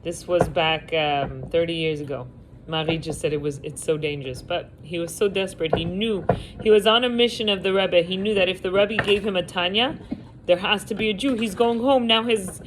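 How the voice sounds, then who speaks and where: A woman teaching a class, telling a story with lively delivery over a video call from home. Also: mid-range voice, moderate pace, background noise. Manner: animated storyteller, acting out quotes.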